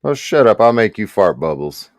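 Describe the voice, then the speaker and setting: A man's voice: lowish voice, sing-song, normal speed, dry recording, studio quality. A man in a heated voice chat, taunting and mocking with crude insults.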